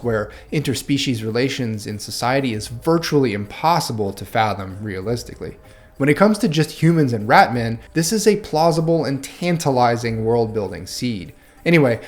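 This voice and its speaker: Guy doing a scripted tabletop game review, middle pitch, reads bits of the rulebook out. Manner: reads rulebook passages aloud, tries out Cockney sounds.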